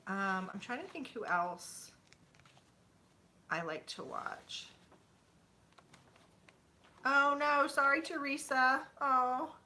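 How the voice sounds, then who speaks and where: A woman's voice: high-pitched, takes it slowly, long pauses, bright, forceful tone, slight background noise. A woman in her thirties chatting casually with viewers at home, rambling with many fillers. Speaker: YouTuber. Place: home, sitting on a bed.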